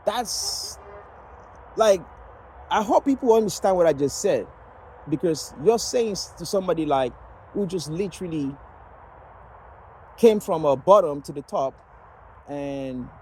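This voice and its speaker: A man's voice: on the high side, moderate pace, pauses often, mellow, a little hiss or hum, poor audio. Rambling man from Nigeria. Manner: rambling, many fillers and restarts. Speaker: vlogger sharing personal story. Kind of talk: casual personal storytelling.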